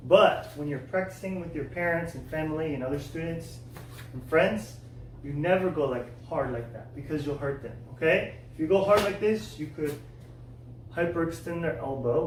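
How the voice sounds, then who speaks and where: A man teaching a kids' martial arts class, coaching step by step, checking in with "okay?" and shouting loud kiai cries. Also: fairly high pitch. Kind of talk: follow-along class instruction for kids. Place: indoor martial arts studio. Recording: echoey room, from far off, faint noise.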